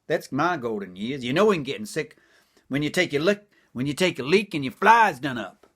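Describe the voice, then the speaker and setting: A man's voice: fairly high pitch, animated, normal speed, a bit bright, slightly rough. An older man doing stand-up comedy, delivering one-liners in a folksy old-timer patter and repeating his punchlines.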